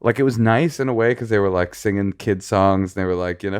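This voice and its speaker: A man with a slight lisp co-hosting a podcast, chatting casually with quick jokes and rambling asides. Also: lowish voice, clean tone. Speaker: podcast co-host. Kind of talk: casual chat.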